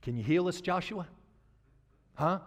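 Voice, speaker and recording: A man's voice: high-pitched, a little slow. A man voicing an impatient Israelite who pushes and badgers Joshua to perform miracles. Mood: demanding. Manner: pushy, badgering and demanding. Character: impatient demanding Israelite crowd member, man. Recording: long church-hall reverb.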